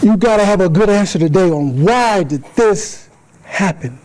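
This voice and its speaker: Recorded in low quality, a man with a high-pitched voice speaks at normal speed as a guest speaker at a club's meeting hall. His storytelling speech is animated, and he performs the voices of the people in his tales.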